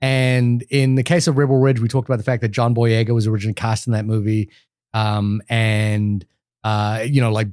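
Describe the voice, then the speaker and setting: A man's voice: lowish voice, a little mellow, no echo. Rambling man talking movies, dry close mic. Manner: rambling, enthusiastic, many restarts. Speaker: podcast co-host. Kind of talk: casual film discussion.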